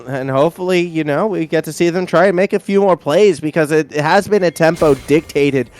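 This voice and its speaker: A man with an Australian accent doing lively play-by-play commentary on an esports match, chatty and joking. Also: a little high. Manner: animated, chatty, jokey asides. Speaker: esports caster.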